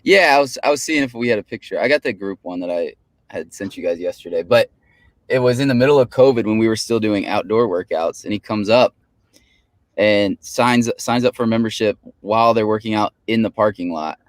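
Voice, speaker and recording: A man's voice: lowish voice, a little fast, no room sound. A man chatting casually, telling rambling anecdotes in an easygoing way. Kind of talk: casual podcast chat.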